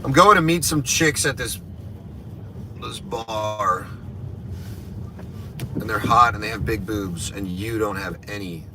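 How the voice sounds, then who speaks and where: A man, a comedian, ranting in a crude, rambling, deliberately provocative way on a live stream from a moving car. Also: lowish voice, noisy background. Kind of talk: provocative live stream rant while driving.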